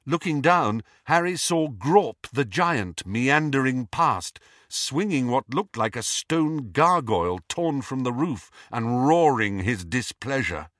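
A man narrating a novel in an expressive, animated reading. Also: medium pitch, takes it slowly, hardly any pauses, dry recording, clean studio sound. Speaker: audiobook narrator. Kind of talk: scripted narration.

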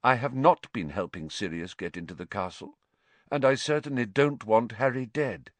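A man voicing a calm, weary male teacher with a measured, cool manner. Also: medium pitch, no room sound, natural voice.

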